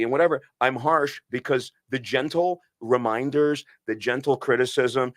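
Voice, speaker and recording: A man's voice: medium pitch, normal speed, no echo, studio quality. A man co-hosting a podcast as a physician, speaking earnestly and emphatically, often restarting his sentences. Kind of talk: impassioned podcast conversation.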